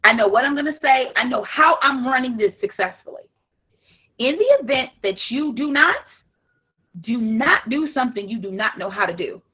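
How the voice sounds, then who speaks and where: Woman coach, frank and animated, husky higher voice, phone-like sound. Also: normal speed. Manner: animated, frank, imitates others playfully. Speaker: business coach. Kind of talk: live coaching session. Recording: tinny phone-like line.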